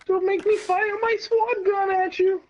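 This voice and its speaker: A man voicing a goofy, boastful male vigilante who fights with swords, in a husky voice. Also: very high-pitched, little pitch movement, a little slow, voice pushed up. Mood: threatening. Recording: dull lo-fi sound.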